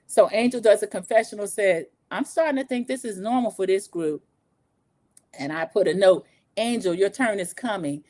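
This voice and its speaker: A woman in her forties hosting a casual livestream recap, gossipy and animated, talking straight to her viewers. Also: mid-range voice. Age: 40s. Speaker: show recap host.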